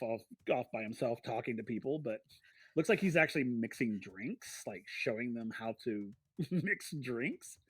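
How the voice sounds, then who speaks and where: Guy running a tabletop game, gravelly voice, pitch bouncing all over, dry close sound. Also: no room sound. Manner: animated, chatty with fillers and laughs. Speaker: game master.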